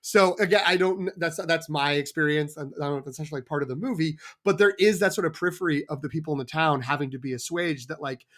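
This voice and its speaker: A man's voice: a little high, fast, few pauses, fairly bright tone. A man from Boston hosting a casual film discussion, rambling and hesitant with many fillers. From Boston area.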